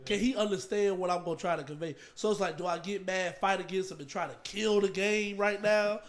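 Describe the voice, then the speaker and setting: High-voiced man telling stories animatedly. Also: a little fast. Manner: animated storytelling, laughs often. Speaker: church keyboard player. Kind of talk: casual podcast chat.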